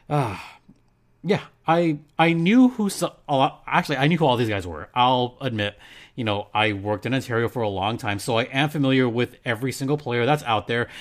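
A man hosting a sports podcast in a playful, joking way. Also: mid-range voice. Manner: playful and jokey, reads ad in hype voice. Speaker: podcast host. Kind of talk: casual sports podcast talk.

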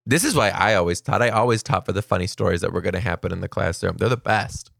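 Young guy podcast host, low gravelly voice, goofy storytelling, dry close mic. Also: fast talker, dry recording. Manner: animated, jumps into high-pitched voices for quoted kids. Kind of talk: comedic storytelling monologue.

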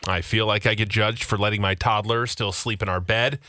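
A man's voice: on the low side, fairly even intonation, a little fast, pushed and bright, no room sound, studio quality. A man hosting a radio show, reading listener submissions aloud and teasing his co-hosts.

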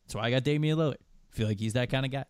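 A man's voice: medium pitch, very fast, clear, resonant tone, no echo. Chatty man on a dry close mic. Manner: chatty and explanatory, reads listener questions. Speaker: podcast host. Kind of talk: casual podcast chat.

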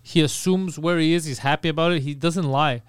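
A man's voice: on the high side, fairly quick, smooth, dry recording. A man, casually telling a family story on a podcast and swearing freely. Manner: animated storyteller, swears freely, acts out quotes. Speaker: podcast co-host.

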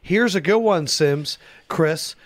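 A man hosting a sports podcast, teasing his guests in a deadpan way in casual chat. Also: fairly high pitch, takes it slowly, dry recording. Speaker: podcast host.

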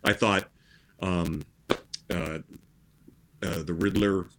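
A man's voice: deep voice, steady tone, slow, background noise. A middle-aged man chatting casually as a podcast guest, rambling with many restarts and fillers. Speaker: guest musician.

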